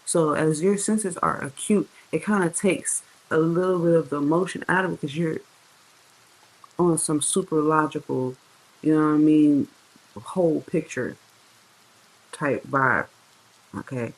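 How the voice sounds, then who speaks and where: Addressing viewers directly, a tarot reader rambles through a casual reading full of slang and profanity, slowing down to stretch key words for weight. The voice is at an ordinary middle pitch with fairly even intonation, captured in a low-quality recording.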